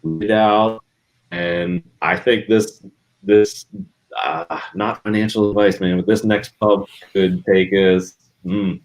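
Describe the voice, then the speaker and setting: Low-voiced man walking through a chart. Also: slow, low-quality recording. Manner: relaxed, walks through a chart. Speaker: crypto livestream co-host. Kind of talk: casual livestream chat.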